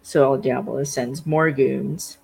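On a rough recording, a podcast host casually recaps a TV episode in a gravelly, slightly rough, mid-range voice with fairly even intonation and a slow pace. The host rambles with lots of fillers like "like" and acts out the characters' lines.

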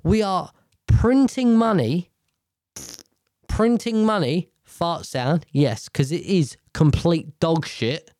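Slow, sweary man ranting. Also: a little high, darkish tone, no room sound, studio quality. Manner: blunt, sweary, rambling. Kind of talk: profane political rant.

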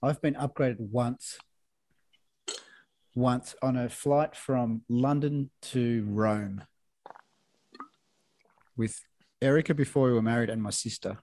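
Animated Australian man, dry close sound. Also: medium pitch, slow, long pauses, no echo. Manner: animated, swears freely, acts out quotes. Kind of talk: casual chat, storytelling.

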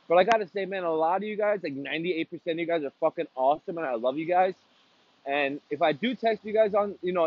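A man hosts his own podcast while walking outdoors in the rain, delivering a casual, rambling rant packed with swearing. His voice is fairly high-pitched, and the recording has its highs cut off.

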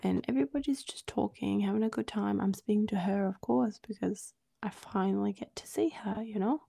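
Husky gravelly woman, casual storytelling. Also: medium pitch, a little fast, warm tone, no echo. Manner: chatty, many "like"s, acts out quoted dialogue. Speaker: podcast co-host.

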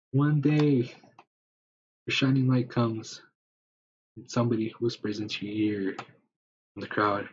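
A man's voice: fairly low pitch, darkish tone. A man improvising a rambling story in the second person, with many fillers, on a dull lo-fi recording with faint hiss.

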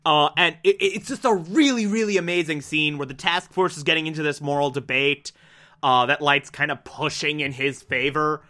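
A man's voice: a little high, normal speed, pushed and bright. A man chatting casually through a story recap, laughing often and throwing in sarcastic asides. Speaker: anime recap host.

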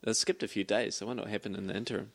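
A man's voice: fairly low pitch, fairly even intonation, very fast, vocal fry, no echo. A giggly man on a podcast. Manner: giggly, laughs through his sentences. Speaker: podcast co-host. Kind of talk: casual chat.

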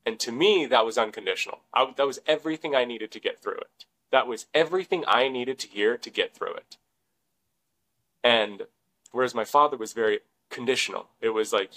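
A man's voice: mid-range voice, a little fast, a bit bright, low-quality recording. A young man co-hosting a podcast, talking casually and rambling, with many fillers and some swearing. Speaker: podcast co-host.

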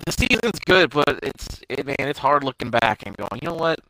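A man's voice: mid-range voice, moderate pace, no room sound, rough recording. A man co-hosting a casual podcast, giving his opinions on a TV show in a chatty way. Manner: animated, chatty, offers opinions. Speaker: podcast co-host. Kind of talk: casual episode discussion.

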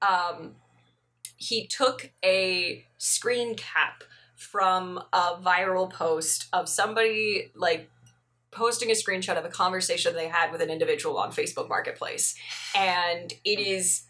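A woman co-hosting a casual chat, animated and laughing often as she talks. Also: fairly low pitch, unhurried. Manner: animated, laughing, breaks into sung snippets. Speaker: podcast co-host.

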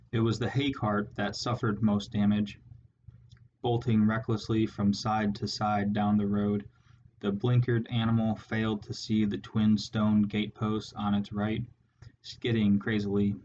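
A man reading a storybook chapter aloud in a measured, steady narration. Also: on the low side, dull audio, slight background noise. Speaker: audiobook narrator. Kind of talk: scripted narration.

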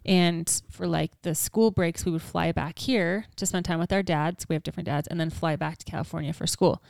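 A woman's voice: on the low side, steady tone, brisk, vocal fry, darkish tone, dry recording, clean studio sound. A woman in her thirties from Utah, co-hosting a casual chat podcast and telling stories with frequent laughter. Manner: laughs often, storytelling, self-mocking. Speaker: podcast co-host.

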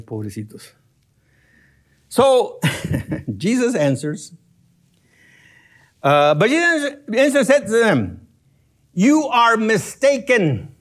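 Male preacher, high and animated, slow deliberate teaching with chuckles. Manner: animated and chuckling, explains grammar step by step. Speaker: Bible teacher. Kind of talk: expository sermon.

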